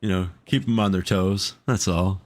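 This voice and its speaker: A man's voice: sits low, fairly even intonation, normal speed. A man co-hosting a podcast, chatting casually with heavy swearing and frequent laughter. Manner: profane, laughs often. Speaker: podcast co-host.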